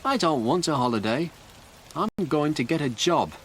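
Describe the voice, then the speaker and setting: A man's voice: on the high side, animated, normal speed, fairly bright tone, slight background noise, pitched above the performer's own voice. A man reading a storybook, voicing a cheeky, determined young man in a raised voice.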